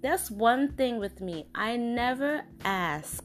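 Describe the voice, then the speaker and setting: Slow-talking, frank woman host. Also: fairly high pitch, animated, soft background music. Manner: frank and indignant, talks with many fillers and restarts. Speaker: podcast host. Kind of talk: casual opinion monologue.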